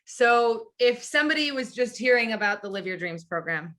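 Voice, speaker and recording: Bright, effusive woman podcast host. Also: on the high side, animated, moderate pace. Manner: effusive, chatty. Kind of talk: casual interview.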